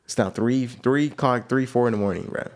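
A man's voice: medium pitch, fairly quick. Young man, podcast co-host, casual storytelling, slangy, rambling, repeats phrases. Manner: animated, slangy, repeats himself.

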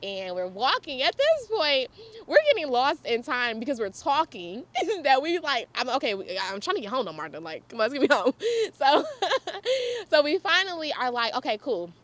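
Brief: young woman, casual storyteller, swooping lively voice, a bit high, laughs often, chats to viewers. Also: moderate pace. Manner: animated, laughs often, chatty asides to viewers. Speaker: vlogger.

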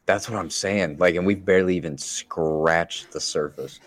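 A man's voice: low voice, normal speed. A man co-hosting a casual gaming podcast, rambling and laid-back with plenty of swearing. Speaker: podcast co-host.

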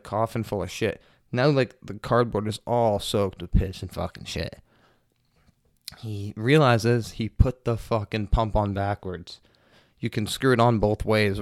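A man hosting a podcast, telling a casual story with constant swearing and animated retellings. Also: medium pitch, no room sound, studio quality. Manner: profane, animated, heavy swearing. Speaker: podcast host.

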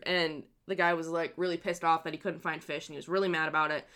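New woman telling a crime story, kinda low voice, bright and sharp, swears a lot and laughs. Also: fairly even intonation, fast, hardly any pauses. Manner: laughs often, swears freely, loose storytelling. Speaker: podcast host telling a true crime story. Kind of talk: casual storytelling chat.

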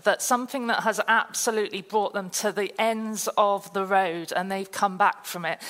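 Chatty woman from the English South Coast. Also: medium pitch. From South Coast of England. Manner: chatty storytelling, lively and self-deprecating. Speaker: guest speaker at a conference. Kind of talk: testimony talk. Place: church hall. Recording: reverberant hall.

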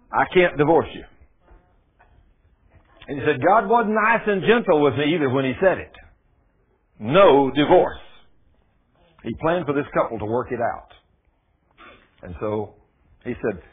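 A male preacher, giving a folksy sermon that builds into loud, emphatic preaching. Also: medium pitch, a little hiss or hum. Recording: muffled phone-like radio broadcast.

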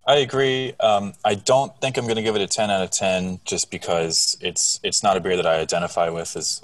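A man co-hosting a casual podcast who argues his points in an indignant, quick-to-push-back way. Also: low-pitched, dry recording, distant mic. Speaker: podcast co-host. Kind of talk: casual banter.

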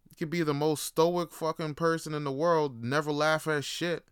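A man's voice: fairly high pitch, steady tone, normal speed, a bit bright, smooth, no room sound, clean studio sound. A man hosting a podcast, talking in a casual, rambling, profane monologue. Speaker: podcast host.

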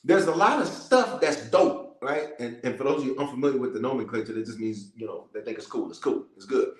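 A man's voice: medium pitch, lively intonation, fairly quick, roomy sound, rough recording. A man, a bishop, teaching about prayer and leading it with rhythmic, repeated declarations and casual asides.

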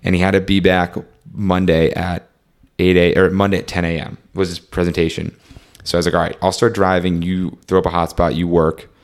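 Fairly quick and low-voiced, with little pitch movement, a young man tells a long, rambling travel story in a casual conversation. He peppers it with "like" and "um" and reenacts the dialogue between him and his friends.

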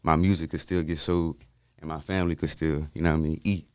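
A man's voice: extremely low pitch, level tone, quick pace, smooth, no room sound. A man who is a guest rapper, talking in a laid-back, casual way on a podcast and filling his speech with "you know what I mean.". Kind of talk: casual interview talk.

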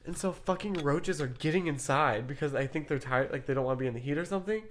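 A podcast co-host telling everyday stories in a casual chat, quick to sound spooked and to swear. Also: mid-range voice. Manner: storytelling, easily frightened, swears.

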